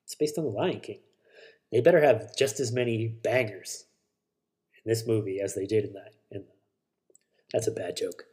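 Rambling casual podcast guy, mellow voice. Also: fairly low pitch, moderate pace, pauses often. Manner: rambling, swears, self-correcting. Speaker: podcast host. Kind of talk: casual solo podcast chat.

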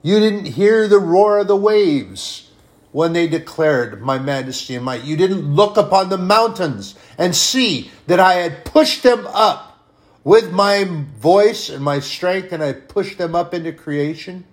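A man's voice: high voice, animated, a little slow, pitched above the performer's own voice. A man voicing God as a majestic, exasperated male figure who keeps asking incredulous questions.

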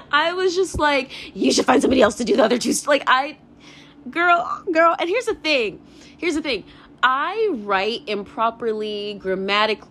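A woman's voice: on the high side, a bit bright, a little hiss or hum. A young woman hosting her own podcast, rambling in a casual confessional rant, swearing freely and laughing often. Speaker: podcast host.

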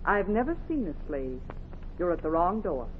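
An actress playing a steady, devout Quaker woman who shelters runaways, speaking firmly in an old radio drama. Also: on the low side, normal speed. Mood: cool. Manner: steady, firm, righteous. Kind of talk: 1950s radio drama acting. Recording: tinny old radio recording with hiss.

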